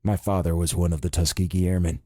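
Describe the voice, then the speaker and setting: A man's voice: low-pitched, level tone, quick pace, dark tone, no echo, studio quality. A man voicing a friendly, chatty man of about sixty in an audiobook. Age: 60s. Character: friendly man around sixty, proud son.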